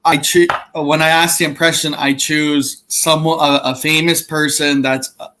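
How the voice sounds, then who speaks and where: A man hosting a comedy podcast who reads out requests for impressions and laughs along with his friends. His voice sits a little high and sounds bright and clear, with a relaxed, conversational manner. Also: normal speed. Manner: reads prompts aloud, chuckles often. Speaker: podcast host reading out impression prompts. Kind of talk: casual chat.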